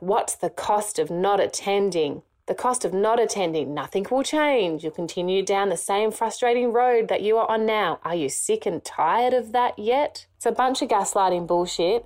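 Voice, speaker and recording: A woman's voice: mid-range voice, animated, normal speed, hardly any pauses, darkish tone. A woman co-hosting a podcast, delivering an indignant, sarcastic rant. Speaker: podcast co-host.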